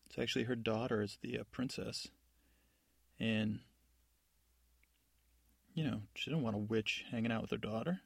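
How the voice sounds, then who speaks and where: A man playing a stern, stubborn captain of the guard in a sleep story, speaking in a gruff, curt, dismissive way. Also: lowish voice, steady tone, normal speed, long pauses, no echo, studio quality. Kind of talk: sleep-story narration with character voices.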